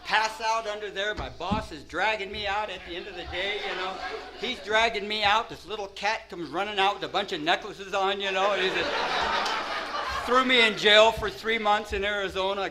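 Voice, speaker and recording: A man's voice: high-pitched, steady tone, normal speed, background noise. A man telling a rambling first-person story, peppering it with "you know" and "man" and laughing at himself.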